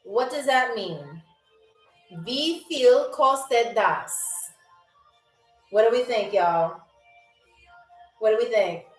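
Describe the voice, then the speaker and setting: A young woman hosting a live-stream trivia game, chatty and playful, teasing viewers by name and repeating phrases slowly. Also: on the high side, expressive, roomy sound, faint music behind, poor audio. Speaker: game show host.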